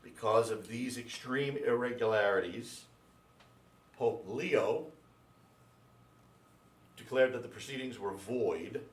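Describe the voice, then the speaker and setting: A priest giving a classroom lecture, speaking slowly and deliberately and spelling out names letter by letter for his class. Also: medium pitch. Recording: echoey room, mic at a distance.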